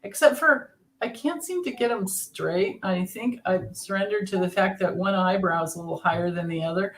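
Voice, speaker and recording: A woman's voice: medium pitch, moderate pace, a bit bright, slight background noise. A middle-aged woman hosting a casual tarot livestream, chatting and greeting viewers by name with frequent laughter.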